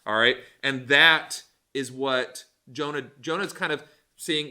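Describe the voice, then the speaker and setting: Animated, bright-voiced youth pastor. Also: male voice, mid-range voice, slow pace. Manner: animated, joking, conversational with fillers. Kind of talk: casual Bible lesson.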